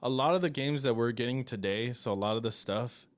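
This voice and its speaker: A man's voice: mid-range voice, fairly quick. A man hosting a casual podcast in a mid-range voice. He rambles, hesitates and restarts often, and drops in casual swearing. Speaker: podcast host. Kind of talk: casual chat.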